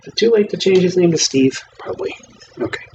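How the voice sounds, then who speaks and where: A man's voice: high-pitched, animated, fast, vocal fry, a little mellow. A man narrator trying out hard words between takes, wry and exasperated. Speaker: audiobook narrator. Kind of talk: recording outtakes. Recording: muffled lo-fi with faint hiss.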